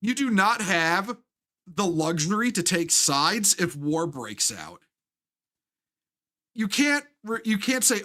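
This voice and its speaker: A man's voice: high voice, sing-song, sharp tone. A man hosting a live stream, ranting with heavy profanity and frequent restarts. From United States. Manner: profane, heated, halting restarts.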